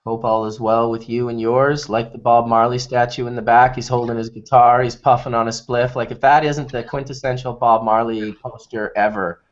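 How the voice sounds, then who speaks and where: A man's voice: mid-range voice, little pitch movement, moderate pace, few pauses. A man hosting a casual group chat, laid-back and rambling, laughing easily. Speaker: host of a streamed cannabis talk show. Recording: lo-fi online call audio.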